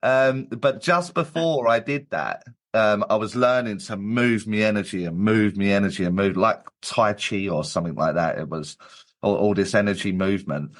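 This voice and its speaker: A man's voice: lowish voice, normal speed. A man, a medium and guest, telling his story in casual chat with many restarts and fillers.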